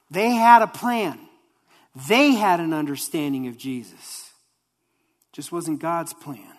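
Animated storytelling preacher, mid pitch, long hall reverb. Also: takes it slowly, pauses often. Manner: animated storytelling with acted quotes. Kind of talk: sermon.

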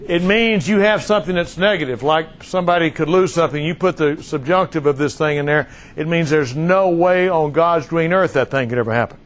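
A man's voice: on the high side, brisk, hardly any pauses. An older man preaching and teaching a congregation, folksy and emphatic, calling out questions to the room. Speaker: pastor and teacher. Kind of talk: sermon teaching.

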